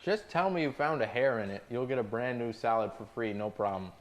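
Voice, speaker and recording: This is a man in the middle of a profane rant to his viewers while he cooks. His voice sits at an ordinary middle pitch. He tells his restaurant stories with plenty of exasperation. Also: fairly quick. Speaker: restaurant cook streaming to chat. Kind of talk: casual livestream rant while cooking.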